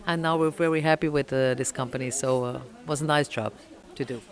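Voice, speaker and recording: A woman with a French accent, a French native speaker, answering interview questions slowly in English with many pauses and fillers. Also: a bass voice, steady tone. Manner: halting, many fillers, searches for English words. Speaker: oyster company owner.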